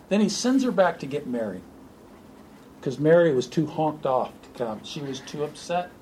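A man preaching an informal sermon to a small group, animated and joking. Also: fairly high pitch, normal speed, slight background noise, rough recording. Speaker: pastor.

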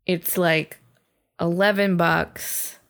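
A woman with a lowish, gravelly voice chats casually from home over a video call. She talks loosely and drops quick jokey asides. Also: fairly even intonation. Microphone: home mic on a video call.

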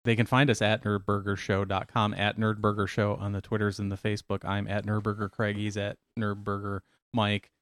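A man's voice: on the low side, monotone, brisk, few pauses, a bit bright, no echo, studio quality. A man co-hosting a podcast in easygoing, rambling casual chat. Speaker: podcast co-host.

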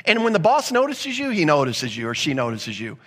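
A man preaching a sermon in an easy, conversational way. His voice sits somewhat high, and he lifts it further as he presses a point, with brief acted asides along the way. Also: wildly swooping pitch, brisk, fairly bright tone, husky. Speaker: pastor.

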